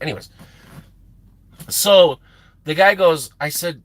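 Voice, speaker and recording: American trucker streamer, lively, bright voice, cusses and laughs through his stories, dry close sound. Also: mid-range voice, a little slow, long pauses, dry recording. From United States. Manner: animated, profane, laughing often. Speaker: live-stream host and truck driver. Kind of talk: casual storytelling on a live stream.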